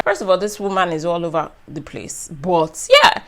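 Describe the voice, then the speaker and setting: A woman's voice: fairly low pitch, moderate pace, vocal fry, fairly bright tone. A young woman reviewing a reality show in a casual, chatty recap full of slang. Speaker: YouTube reviewer.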